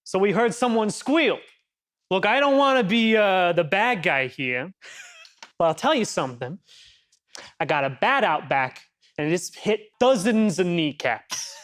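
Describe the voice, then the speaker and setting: A man's voice: sits high, lively intonation, measured pace, fairly bright tone. A man playing a posturing mafioso who makes threats about his bat. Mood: menacing. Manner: tough-guy posturing. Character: gruff male mafioso.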